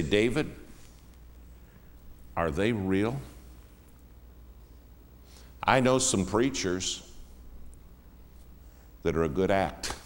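A man preaching a sermon as a guest in a church, emphatic, swinging between hushed and raised lines. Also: lowish voice. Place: church sanctuary. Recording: long reverb of a church hall.

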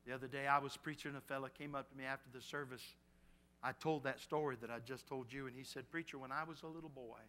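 A man preaching a sermon, telling folksy stories that swing between loud exhortation and hushed, soft passages. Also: a little high. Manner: folksy storytelling, rising to shouted exhortation then dropping soft. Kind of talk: storytelling sermon.

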